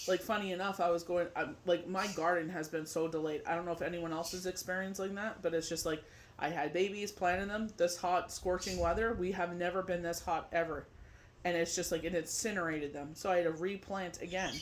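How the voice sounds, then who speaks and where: Man, high-pitched, tarot reader, rambling casual talk, lots of "you know" fillers, faint background noise. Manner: alternates loose chat with read-out card meanings. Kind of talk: casual tarot forecast reading.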